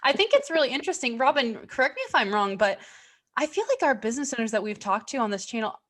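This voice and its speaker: A woman co-hosting a podcast in a relaxed conversational tone. She often stops, restarts and searches for the right word. Her delivery is unpolished and informal. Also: on the high side, slight background noise. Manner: halting, restarts sentences, searches for words. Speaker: podcast co-host.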